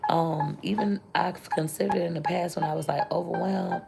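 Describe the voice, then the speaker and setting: A woman chats candidly with her livestream viewers in a deep, heavily gravelly voice. She rambles from thought to thought and stops to thank them. Loud music plays behind her. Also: fairly even intonation, moderate pace. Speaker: content creator and mother. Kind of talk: casual livestream chat with viewers.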